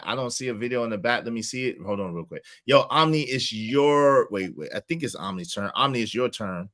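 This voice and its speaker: Fast-talking man moderating a call-in chat. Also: mid-range voice, sharp tone. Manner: apologetic, hands out turns to speakers. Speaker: host of an audio chat room.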